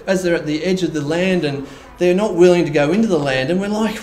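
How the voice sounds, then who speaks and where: A man preaching a conversational sermon, with animated asides in which he voices imagined reactions. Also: on the high side, a little fast, hardly any pauses, echoey room, a little hiss or hum, rough recording. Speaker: pastor. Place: church hall.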